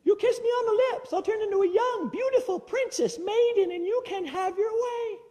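A man voicing a talking frog in a very high, squeaky put-on voice during a live stand-up joke. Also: normal speed, a little mellow. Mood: coaxing. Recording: live hall with long reverb.

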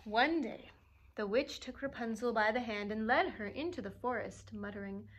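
A woman librarian reads a classic fairy tale aloud for children at story time. Her voice sits a little high, and she reads expressively, dropping into playful asides along the way. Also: normal speed, a little hiss or hum.

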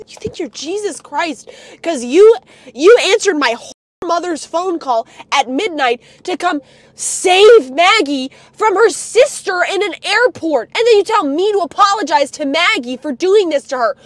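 A woman's voice: very high-pitched, expressive, measured pace, no room sound. A young woman livestreamer ranting bitterly, full of profanity and heated outbursts. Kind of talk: livestream rant.

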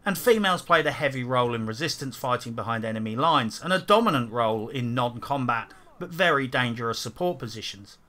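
A man's voice: medium pitch, expressive, brisk, hardly any pauses, bright, forceful tone. A man delivering a scripted game review as a sarcastic, profane and indignant rant.

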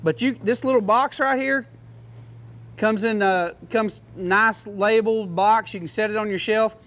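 A man's voice: high voice, measured pace, a bit bright. A man giving a casual, joking product demo to a class, in a folksy manner. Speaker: product demonstrator.

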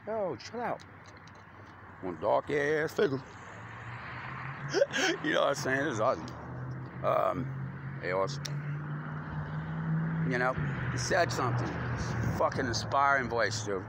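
A man's voice: mid-range voice, animated, normal speed, vocal fry, pauses often. Rambling man outdoors, traffic behind. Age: adult. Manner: loose stream of consciousness, slangy, rhyming wordplay. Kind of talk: rambling freestyle monologue. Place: outdoors on a front porch at night. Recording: noisy outdoor recording with traffic.

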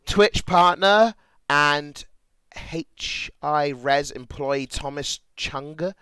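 Young British male streamer, crude and animated reaction chat, slow-paced, dry close mic. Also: fairly high pitch, clear, resonant tone, no room sound. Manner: crude, animated, laughs loudly, mutters reading aloud. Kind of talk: casual livestream reaction chat.

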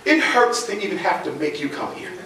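A man's voice: sits high, big pitch swings, brisk, vocal fry, sharp tone, full character voice. A man voicing a schoolteacher woman who gushes with fake sympathy and then tattles to her principal. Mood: fake-sympathetic. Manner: syrupy, sentimental, tattling. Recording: echoey hall heard from far off, audience.

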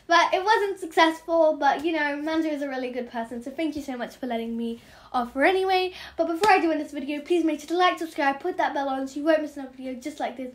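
A woman hosting a gaming channel, chattering fast and excitably as she narrates her in-game trades and apologizes for talking so quickly. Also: sits high. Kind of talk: game trading commentary vlog.

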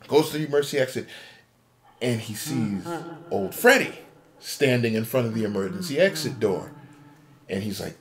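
A man spins a spooky story in casual podcast talk. He acts out a frightened character's thoughts with lots of swing in his pitch. His voice sits in an ordinary middle register. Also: moderate pace, long pauses, a little hiss or hum. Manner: animated, acts out a character's panicked inner voice. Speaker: podcast co-host. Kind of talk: casual storytelling of a game theory. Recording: amateur podcast recording.

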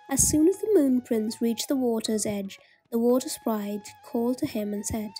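A woman narrating a storybook tale, reading aloud slowly and gently. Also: a little high, husky, faint music behind. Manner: slow, gentle read-aloud.

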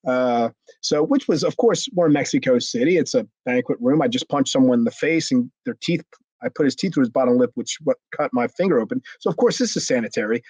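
A man's voice: medium pitch, fairly quick, slightly rough, no echo, low-quality recording. Man telling a rowdy backstage story. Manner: animated, acts out quotes with raised voice, frequent restarts and swearing. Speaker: former wrestler telling a story. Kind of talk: casual storytelling interview.

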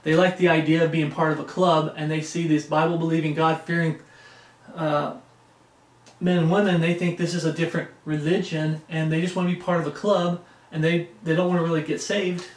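A man's voice: fairly high pitch, level tone, a little fast. A man preaching an informal sermon, reading scripture aloud and checking in with his listeners. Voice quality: conversational, frequent "uh" and "okay?" check-ins. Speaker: preacher leading a Bible study. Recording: roomy echo.

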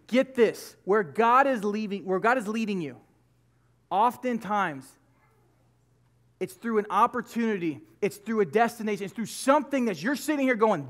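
A man delivers a sermon from the front of a church, swinging freely between low asides and punchy, raised lines. His voice sits unusually high for a man and moves all over the place, and he tells his stories casually, hammering points home by repeating them. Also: normal speed. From United States. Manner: animated, conversational storytelling with emphatic repetition. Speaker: pastor. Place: church sanctuary.

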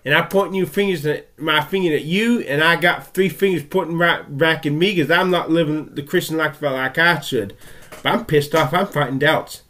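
A man from the United States delivers a furious, profanity-laced rant, his voice sitting a bit higher than most men's. He stumbles and restarts as the anger outruns his words. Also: moderate pace, few pauses, sharp tone. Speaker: vlogger. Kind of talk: angry ranting monologue.

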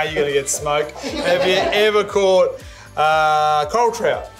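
Aussie fishing host guy, jokey and teasing, highish voice, music going behind. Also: takes it slowly. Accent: Australian. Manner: jokey, teasing, laughs a lot. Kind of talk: casual chat.

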